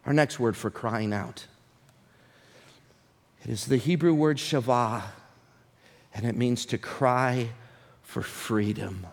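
A man preaching a sermon, swinging between shouted appeals and hushed, whispered prayers. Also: mid-range voice, takes it slowly, long pauses, long reverb tail.

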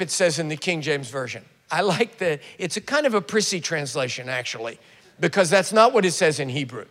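A man preaching a sermon, telling a scripture story with animated retellings and sudden loud bursts. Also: high voice, a little fast, in a large hall.

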